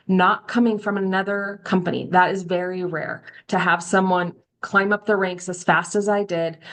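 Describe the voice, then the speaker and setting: A woman's voice: fairly low pitch, a bit bright. Woman, middle-aged, social media coach on a video call; candid, chatty storyteller who acts out quotes. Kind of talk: live online training talk.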